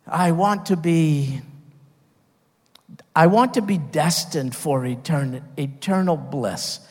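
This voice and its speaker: A man's voice: a little high, takes it slowly, darkish tone, breathy edge. Earnest male pastor preaching in a reverberant church. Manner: earnest, emphatic, with repeated restarts. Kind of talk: sermon.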